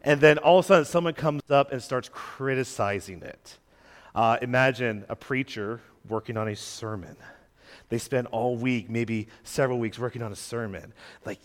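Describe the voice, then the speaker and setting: A man's voice: medium pitch, normal speed, in a large hall. A young adult man preaching a sermon as a guest preacher in a church, talking in a conversational way, acting out quoted voices and joking with the congregation. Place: church sanctuary.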